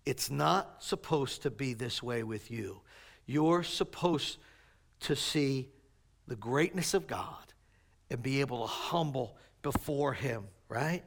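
A man preaching a sermon, swinging between raised emphatic lines and quiet low asides. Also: animated, slow pace, creaky. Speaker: pastor.

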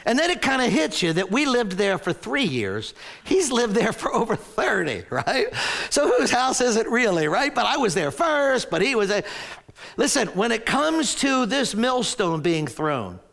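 A man's voice: high voice, very animated, moderate pace, gravelly, a bit bright. A man in his sixties preaching a sermon as a pastor, telling a story animatedly and often stumbling over restarts.

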